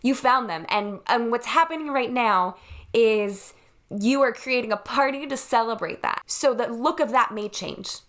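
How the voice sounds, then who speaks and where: A woman's voice: fairly high pitch, a little slow. A woman in her thirties, a wedding planner, talking earnestly and reassuringly to camera from her home. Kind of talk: direct-to-camera vlog.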